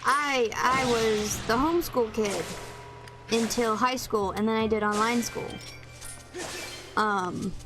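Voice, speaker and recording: A young woman streaming a game and chatting casually, rambling and playful with a sing-song lilt. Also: medium pitch. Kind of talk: casual chat while gaming. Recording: loud game music behind.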